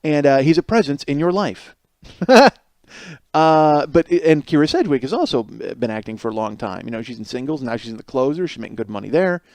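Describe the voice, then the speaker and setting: This medium-pitched, slightly mellow voice belongs to a forties-aged podcast host doing a comedic monologue alone. He's brisk and expressive, rambling and profane with lots of self-mockery, recorded without echo.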